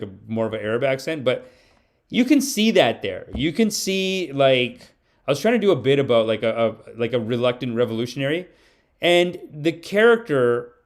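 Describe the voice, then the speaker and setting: A comedian streaming live, a man chatting loosely with his audience and reading donations, with many "like"s. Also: medium pitch. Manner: rambling, many "like"s.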